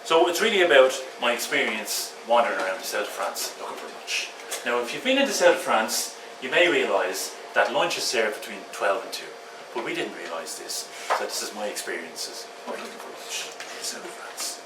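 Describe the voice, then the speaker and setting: A man at a pub open mic, chatting before reading a humorous poem, a lively storyteller with fillers. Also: mid-range voice, fairly quick. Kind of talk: chatty preamble and poetry reading. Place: pub function room. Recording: roomy pub from a distant mic with background noise.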